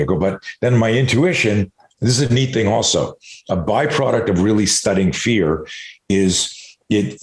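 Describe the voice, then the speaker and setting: A middle-aged man, a self-defense expert, telling a candid personal story as a podcast guest, swearing freely and acting out his own inner dialogue. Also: fairly low pitch. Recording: echoey room.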